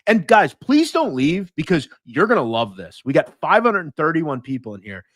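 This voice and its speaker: A man from the United States hosts a loose livestream chat, blunt and mocking. His pitch swings widely as he talks, and the sound is dry and close with no room around it. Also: big pitch swings, normal speed, fairly bright tone, no echo. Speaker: podcast host.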